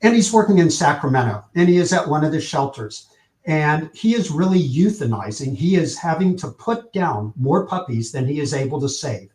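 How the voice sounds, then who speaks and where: A man telling a story with energy in an interview, acting out the quotes with lively shifts in tone. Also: on the high side, normal speed, echoey room. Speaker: publicist, podcast guest.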